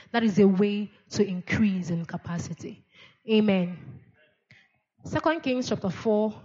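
A woman preaches to her congregation in a call-and-response style, asking questions and repeating key words. Her voice sits at a middle pitch for a woman. The church recording sounds dull and lo-fi. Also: a little mellow. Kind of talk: sermon.

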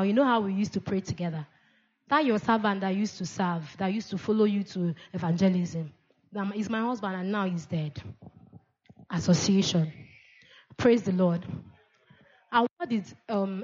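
A woman's voice: mid-range voice, darkish tone, dull audio. A woman preaching a sermon in a church, asking the congregation questions and repeating key words, with frequent amens.

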